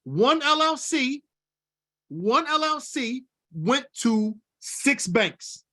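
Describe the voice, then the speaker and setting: A high-pitched man leads a fired-up funding lesson. He drives each point home by saying it twice and calls out to his audience as y'all. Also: big pitch swings, drawn-out words, sharp tone. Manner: preachy, repeats lines for emphasis, addresses audience as y'all. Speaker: business funding coach. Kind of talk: fired-up teaching at a whiteboard.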